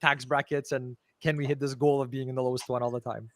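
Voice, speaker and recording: A man's voice: mid-range voice, little pitch movement, fast talker, fairly bright tone, dry recording. A man from Canada hosting a podcast, posing long, carefully worded questions. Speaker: podcast host. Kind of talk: interview questions.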